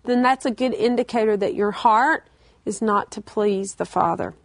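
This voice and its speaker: A woman preaching a sermon, animated and conversational, acting out quoted prayers and dialogue. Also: medium pitch, normal speed, creaky, no room sound.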